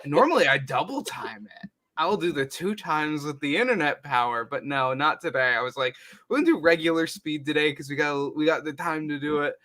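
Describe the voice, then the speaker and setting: A podcast co-host in casual recap chat, hesitant and full of fillers, with loud bursts of laughter. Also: medium pitch, lively intonation, fairly quick.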